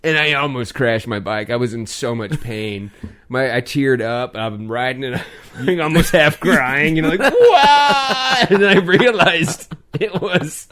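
A man's voice: mid-range voice, a little slow, sharp tone. A middle-aged man co-hosting a podcast, laughing as he rambles through crude comic stories. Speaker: podcast co-host. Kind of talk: crude comedic podcast banter.

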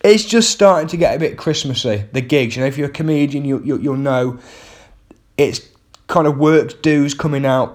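A man, a comedian talking into a close podcast mic and spinning a rambling story about a gig. His delivery is self-mocking, full of wry asides, and his voice sits at an everyday middle pitch. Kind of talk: casual comic monologue.

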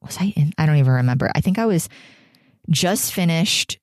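Podcast host, woman in her 30s, pregnant, low voice, candid and meandering, dry close mic. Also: lively intonation, a little fast, no room sound. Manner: candid, emotional, rambling with many fillers. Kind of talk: reflective solo podcast.

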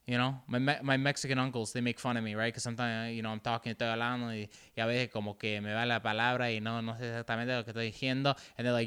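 A man's voice: mid-range voice, flat delivery, racing, hardly any pauses, fairly bright tone, clear, resonant tone. A man vlogging in a rambling, self-mocking way, switching between English and Spanish. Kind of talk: casual monologue mixing English and Spanish.

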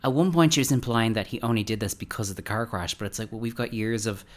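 A woman hosting a casual podcast chat, animated and fond of mocking impressions. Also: rumbling low, quick pace. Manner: animated, quotes people in mocking voices.

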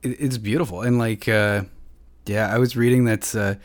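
Low-voiced man rambling on a podcast. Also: fairly even intonation, normal speed, no echo. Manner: rambling, swears freely, self-deprecating. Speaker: podcast co-host. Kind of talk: casual podcast chat.

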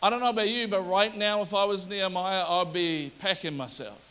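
Animated, high-voiced male preacher. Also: a little fast, smooth, long reverb tail. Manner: animated, storytelling, acts out the characters. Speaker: pastor. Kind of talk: sermon.

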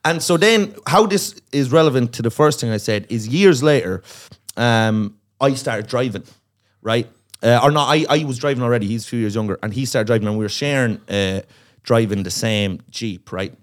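A man's voice: medium pitch, moderate pace. A man telling a long, profane story on a comedy podcast, acting out the voices of the people in it. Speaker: comedian guest.

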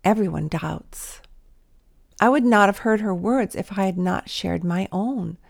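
A woman speaks in an earnest, intimate way as she gives a devotional talk. Her voice has a gravelly edge and sits at a middle pitch. Now and then she sinks to a hushed whisper. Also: moderate pace. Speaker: Christian speaker.

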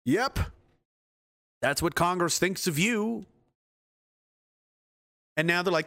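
A man's voice: a little high, normal speed, pauses often, a bit bright. Profane, ranting male political commentator. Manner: angry, profane, sarcastic.

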